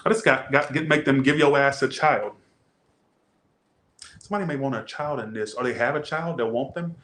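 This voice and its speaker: A man with a Southern US accent giving a casual tarot reading, animated, blunt and joking. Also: medium pitch, moderate pace, echoey room. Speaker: tarot reader.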